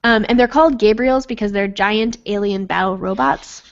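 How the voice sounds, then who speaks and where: A woman's voice: mid-range voice, normal speed, creaky, a little hiss or hum. A woman running a tabletop game as game master, talking casually with many fillers and restarts. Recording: slightly dull lo-fi audio.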